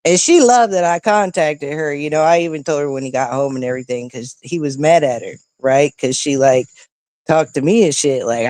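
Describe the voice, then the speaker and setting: A middle-aged woman casually telling a story to her stream viewers in a profane, animated way, often checking in with "right?". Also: deep voice, brisk, dry recording. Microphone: close streaming mic.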